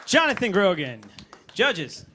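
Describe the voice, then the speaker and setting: A man's voice: high-pitched, huge pitch swings, slow pace, pushed and bright, some chatter behind. A man emceeing a college comedy competition, introducing acts and calling on judges in an upbeat, hyping way.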